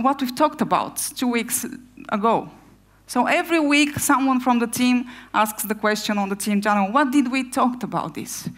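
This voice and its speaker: Woman giving a lively conference talk. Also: medium pitch. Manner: energetic, fires rhetorical questions. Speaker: conference speaker, product owner.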